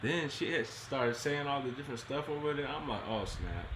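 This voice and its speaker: A man's voice: a little high, fairly even intonation, a little fast. Laughing man in a roomy room. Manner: laughs often, trailing restarts. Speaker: co-host. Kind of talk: casual chat. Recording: roomy with clear background noise.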